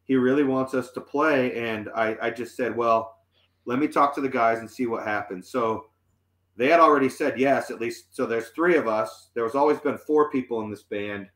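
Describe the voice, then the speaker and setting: A man's voice: mid-range voice, moderate pace, fairly bright tone. A man in his forties, a musician guest telling a long story in casual chat, full of fillers and restarts. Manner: rambling, many fillers and restarts. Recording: roomy echoey sound.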